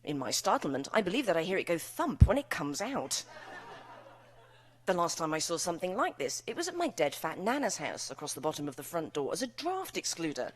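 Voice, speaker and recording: Low, lively British woman author. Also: fairly quick. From United Kingdom. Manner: wry, bawdy comic delivery. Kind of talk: author talk and reading from her own novel. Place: live event before an audience.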